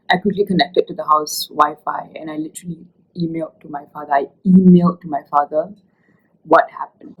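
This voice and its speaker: A young woman with a slightly low voice tells her own story in a vlog. She speaks in an emotional, indignant way. Faint background hum sits under her voice. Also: rough recording. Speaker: vlogger.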